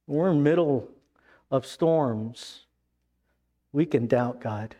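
A man preaching a sermon as pastor, emphatic, then dropping to hushed tones. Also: medium pitch, slow.

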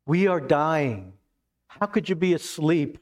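A man preaching a sermon as pastor, emphatic, then dropping to hushed tones. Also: a little high, animated, slow.

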